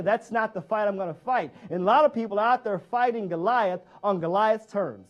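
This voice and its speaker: A man's voice: high-pitched, fairly quick, few pauses, muffled recording. A man giving a motivational speech, who drives points home by repeating key phrases and asking the audience direct questions. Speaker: motivational speaker.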